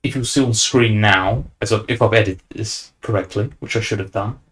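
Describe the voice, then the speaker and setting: A man's voice: lowish voice, brisk, fairly bright tone. A young man hosting a podcast, chatting casually and rambling with fillers and restarts. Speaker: podcast host. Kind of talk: casual chat.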